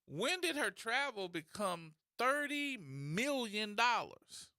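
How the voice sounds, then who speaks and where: A man hosts a talk radio show in a mocking, rolling rant. His voice sits high and sounds sharp and forceful. His pitch swings widely, and the studio sound is close and dry. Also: slow pace, no echo. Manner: animated, mocking rant that slips into imitation voices.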